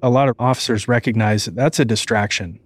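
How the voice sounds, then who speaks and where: A man, a police detective, recounting an incident in an interview in a steady, matter-of-fact way. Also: medium pitch, fast talker, husky, dry recording.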